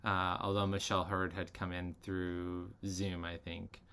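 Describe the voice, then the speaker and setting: A man's voice: sits low, level tone, a little slow, bright, forceful tone, clear, resonant tone. A man co-hosting a podcast in casual chat, agreeable and easygoing, filling gaps with ums as he thinks. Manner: agreeable, many fillers and restarts. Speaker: podcast co-host.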